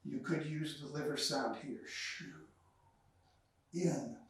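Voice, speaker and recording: A male qigong instructor with a fairly high voice talks students through movements at a moderate pace, counting breaths aloud with long exhaled sounds. He's a little out of breath. The room is very echoey and he's far from the mic.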